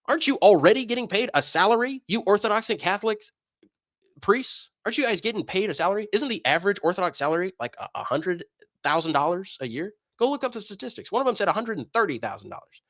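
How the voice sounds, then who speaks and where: A man's voice: high voice, sing-song, fast, fairly bright tone, no room sound, clean studio sound. A man streaming a casual commentary rant in a sarcastic, mocking manner.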